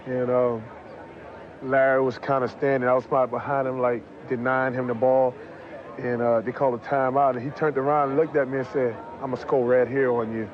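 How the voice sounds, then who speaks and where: A man recalling a game he played in, telling it in a flat, even way. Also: medium pitch, a little fast, dull audio. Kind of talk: recollection.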